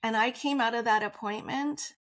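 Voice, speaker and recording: A woman's voice: on the high side, normal speed, fairly bright tone. A woman guest on a podcast interview, telling her personal story in an open, earnest way and laughing often.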